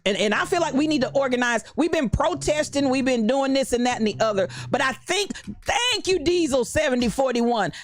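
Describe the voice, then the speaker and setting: A woman from Kansas City hosting a podcast livestream, talking with passion about current events and greeting people in the live chat. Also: a little high. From Kansas City, USA. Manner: passionate, preachy, talks back to live chat. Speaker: podcast host.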